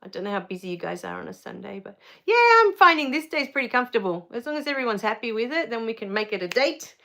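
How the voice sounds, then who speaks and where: Middle-aged female streamer, casual and tearful, slightly high-pitched, reads chat aloud. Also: quick pace. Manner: chatty and emotional, easily moved to tears; relaxed with frequent fillers. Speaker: live stream host. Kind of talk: casual live stream chat reading viewer comments.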